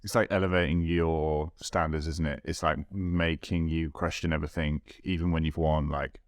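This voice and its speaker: A man's voice: extremely low pitch, level tone, moderate pace, no echo, studio quality. A man hosting a casual podcast interview in an easygoing, chatty way. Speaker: podcast host.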